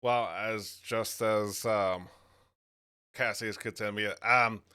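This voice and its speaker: A man playing in a tabletop game, halting and searching for words. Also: lowish voice, steady tone, bright, forceful tone, clean tone. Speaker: player. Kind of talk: casual game chat.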